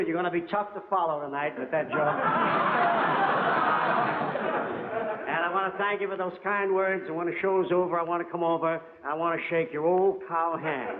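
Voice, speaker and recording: A man's voice: a little high, very noisy. A man performing a punchy, wisecracking stand-up monologue as a guest comedian on a variety show. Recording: lo-fi 1960s TV broadcast in a hall. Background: studio audience laughter and band.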